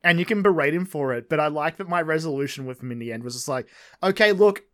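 A man with a slightly higher voice talks as a podcast guest. He is relaxed and rambling, and often trails off mid-thought. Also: quick pace. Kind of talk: casual chat.

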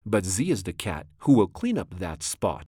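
A man's voice: low voice, sing-song, moderate pace, dark tone, breathy edge, no room sound, clean studio sound, voice pushed down, full character voice. A man voicing a mischievous, boastful big male cat in a storybook, in a smug sing-song rhyme.

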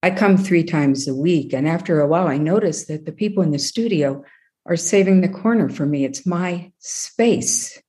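A middle-aged woman with a very low voice tells a personal story. She speaks plainly and reflectively, with dry asides. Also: normal speed, mellow. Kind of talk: personal story told to an audience.

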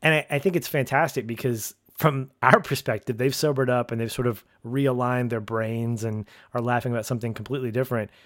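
Speaking fairly quickly with few pauses, this man co-hosts a podcast and recaps a TV episode in relaxed chat. He's animated and performs the characters' lines in his mid-range voice, captured in a dry recording.

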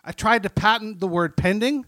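A man hosting a live comedy night on a stage mic, telling halting pun-based one-liners. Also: high-pitched, fairly bright tone, no echo. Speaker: comedy show host. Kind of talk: stand-up emcee. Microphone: stage microphone.

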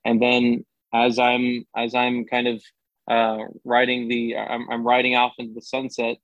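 A man's voice: medium pitch, completely flat delivery, measured pace, fairly bright tone, dry recording, muffled recording. A young man, a sports anchor, chatting casually as a podcast guest and often restarting his sentences with upbeat energy.

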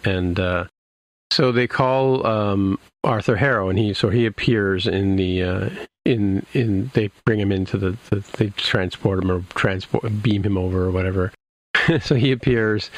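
Gravelly-voiced man recapping casually. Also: lowish voice, no echo. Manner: rambling, many restarts and fillers. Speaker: podcast co-host recapping a TV episode. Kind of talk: casual chat.

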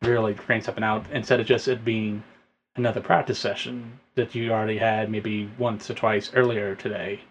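A man's voice: fairly low pitch, level tone, moderate pace, slight background noise. A man guesting on a podcast as a musician, talking loosely and casually with lots of "like".

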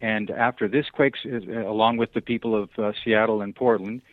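A man being interviewed over the phone, talking earnestly and haltingly, with many fillers and restarts. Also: on the low side, steady tone, no room sound. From Southern California. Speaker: guest. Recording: dry, tinny phone line.

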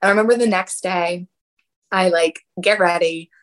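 Young woman, casual storytelling, animated, laughs often, acts out quotes. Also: lowish voice, normal speed, poor audio. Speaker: guest telling a story.

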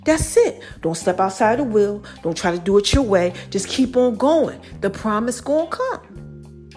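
A woman's voice: medium pitch, lively intonation, measured pace, darkish tone, faint music behind. A woman hosting a podcast, giving playful, preachy encouragement in casual slang. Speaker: podcast host. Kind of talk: casual motivational podcast talk.

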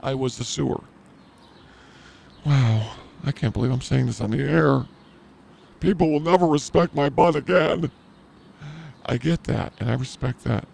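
A man's voice: mid-range voice, measured pace, creaky, long pauses, a little mellow, a little hiss or hum. A man hosting a podcast, telling a crude story in a rambling, self-mocking comedic way. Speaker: podcast host.

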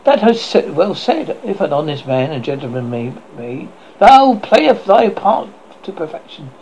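Old witch woman, cackling and doting, put on by a male reader; gravelly, sharp, swooping pitch. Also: big pitch swings, measured pace. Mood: gleeful. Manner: sharp high tone. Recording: dull lo-fi with faint noise.

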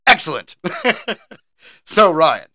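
A man's voice: on the high side, slow pace, no room sound. A man co-hosting a casual podcast, joking and laughing as he talks and running a movie trivia game. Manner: animated, laughs often, jokey. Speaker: podcast co-host; game show quizmaster.

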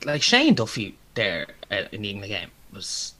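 Man, podcast co-host, bright forceful voice, blunt, casual swearing. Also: on the low side, huge pitch swings, normal speed. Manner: blunt and loose, swearing freely. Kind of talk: casual sports podcast chat.

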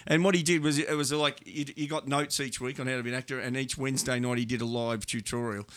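A middle-aged Australian man, a sports agent, telling animated stories in casual talk and acting out the voices of the people in them. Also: mid-range voice, quick pace, no echo. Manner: animated anecdotes, acts out voices in quotes. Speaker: sports agent and podcast guest. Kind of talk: casual storytelling.

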